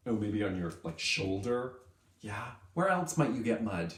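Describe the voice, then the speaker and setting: A male kindergarten teacher giving a lesson to young children in an upbeat way, stretching words out slowly so they can follow. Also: fairly low pitch, very animated, echoey room.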